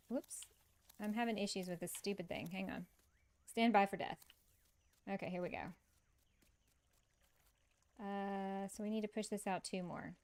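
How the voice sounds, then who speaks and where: A woman's voice: mid-range voice, a little mellow. Woman streaming a cozy game, chatty and giggly, talking to chat. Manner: chatty, laughs often, reads and answers chat. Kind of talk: casual gaming stream chat.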